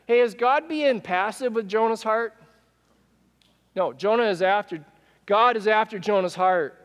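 Man, pastor, high voice, animated sermon, asks the congregation questions, long hall reverb. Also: a little slow. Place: church sanctuary.

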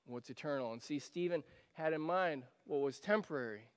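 A man delivering a sermon in a high voice, with long reverb ringing behind him. He preaches conversationally, asking the listeners questions and dropping from loud emphasis to hushed asides. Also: expressive, normal speed, clean tone. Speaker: pastor.

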